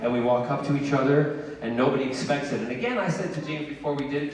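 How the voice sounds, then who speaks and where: A man's voice: mid-range voice, fast talker. A man telling a story to a convention panel audience, playful and theatrical, acting out the people in it. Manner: playful, theatrical, acts out the people in his stories. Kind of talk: animated storytelling to a live audience. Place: large convention hall. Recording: echoey hall, mic heard from far off.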